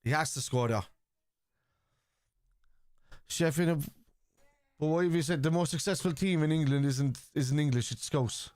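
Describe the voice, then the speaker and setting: An Irish man hosting a live football watchalong, bluntly arguing with his chat, swearing freely and shouting at chances. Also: on the high side, a little slow, pauses often, no echo. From Ireland.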